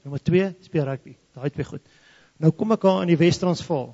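A man with a fairly high-pitched voice and a dark tone talks a little fast as he shares a testimony story, switching back and forth between English and Afrikaans. A native Afrikaans speaker from South Africa's Free State, he has an Afrikaans South African accent. The recording is dull and lo-fi, with the reverb of a hall.

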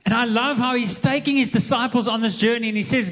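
A man's voice: very high-pitched, fast, a bit bright. A man preaching a sermon as pastor, earnest and repeating words as he builds his points. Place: church hall. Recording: long hall reverb.

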